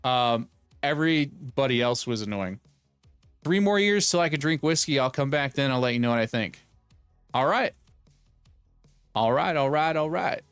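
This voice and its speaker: A man in his thirties chats on a live stream in a smooth, resonant voice at a mid pitch. He rambles and jokes as he riffs on viewers' messages, recorded dry and close to the mic with faint music behind him. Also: animated, normal speed, fairly bright tone, dry recording. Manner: rambling, joking, reads chat aloud and riffs on it. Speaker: streamer host. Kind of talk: casual live-stream chat.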